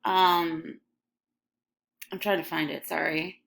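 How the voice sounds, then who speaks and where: A woman teaching English in a recorded class lecture. Her voice is bright and clear. She keeps it conversational and checks in with her listeners now and then. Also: sits low, fairly even intonation, slow. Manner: conversational, checks in with "okay?" and fillers. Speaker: high school English teacher.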